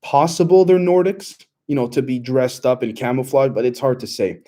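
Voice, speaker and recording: Young male livestream host, mellow tone, loose and rambling, lots of ums while reading chat. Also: mid-range voice, normal speed. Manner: loose and rambling, many fillers and restarts.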